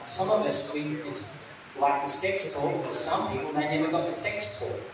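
A man's voice: on the high side, normal speed, crowd noise. A man preaching a sermon as a pastor, talking in a loose, conversational way with lots of fillers and restarts. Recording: echoey room, mic at a distance, faint hiss.

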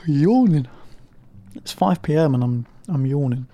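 A man's voice: a little high, animated, unhurried, mellow, muffled recording. A man making dry, jokey remarks and chuckling while he watches a TV episode. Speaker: co-host of a watch-along show.

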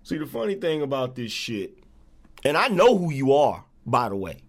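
A man's voice: medium pitch, sing-song, normal speed. A man hosting a livestream, ranting at viewers in a profane, repetitive, confrontational way. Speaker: livestream host. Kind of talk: angry livestream rant.

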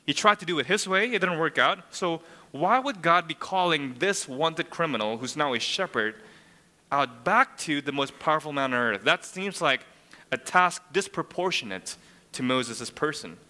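Bright-voiced preacher in a reverberant hall. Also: male voice, a little high, lively intonation, moderate pace. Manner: expository, asks the room rhetorical questions. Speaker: pastor. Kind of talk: sermon.

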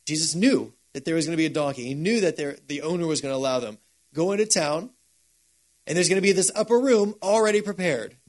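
A man preaches a sermon in a relaxed, conversational way. His delivery is animated, like someone telling a story to friends, and his voice sits a little higher than most men's. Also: quick pace. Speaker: pastor.

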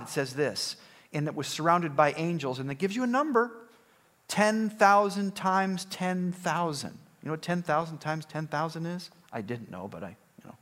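Male preacher, conversational and emphatic, slightly high pitch. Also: fairly bright tone. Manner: conversational, emphatic, lots of restarts. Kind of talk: sermon.

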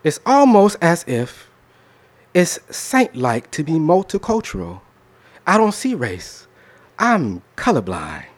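Male spoken word poet, somewhat high voice, loose banter leading into a rhythmic, pointed reading. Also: huge pitch swings, slow. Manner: conversational with laughter, then rhythmic performed delivery.

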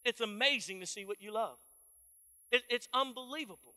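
A pastor from Texas, preaching an animated, folksy sermon in a church. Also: male voice, very high-pitched, normal speed, long reverb tail. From Dallas, Texas.

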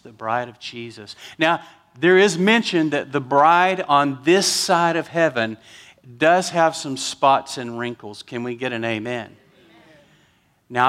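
A man's voice: mid-range voice, a bit bright. A man, a pastor telling an emotional story during a sermon and getting choked up at times.

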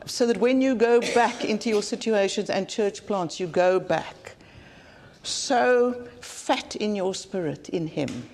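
A woman's voice: medium pitch, slow pace, a little mellow, a little hiss or hum. A South African woman preaching a conference sermon in an earnest, plain-spoken way, often repeating phrases for emphasis. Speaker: conference speaker.

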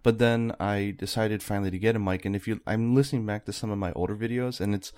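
A soft-spoken man talks as a podcast guest in a low voice. He is modest and rambles along, often starting sentences over. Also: steady tone, fast talker. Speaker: podcast guest, video creator. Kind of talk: casual podcast chat.

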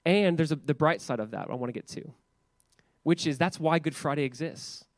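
A man's voice: on the high side, normal speed, dry recording, clean studio sound. A man in his thirties preaching a church sermon in a casual, conversational way, often saying "like" and repeating words. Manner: conversational, repeats words, many filler 'like's. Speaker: pastor.

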